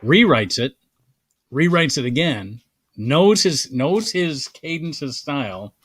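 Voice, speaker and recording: A male host talks in an eager, affirming way and keeps the conversation on track. His voice moves lively up and down, recorded dry and close with no room echo. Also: fairly high pitch, slow pace, breathy edge. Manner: eager, affirming, steers the talk. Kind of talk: casual chat.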